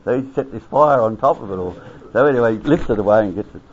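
A man's voice: lowish voice, fast talker, slightly rough. An older Australian man, an army veteran, telling a rambling anecdote with chuckles, acting out the quoted voices. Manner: chuckling, acts out quoted voices, lots of fillers. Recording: dull lo-fi recording.

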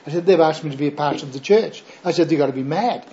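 A man's voice: fairly high pitch, fast talker, dark tone, highs cut off, slight background noise. An older Australian man, a pastor, telling his personal testimony in a chatty, rambling way with frequent fillers and "right?" tags.

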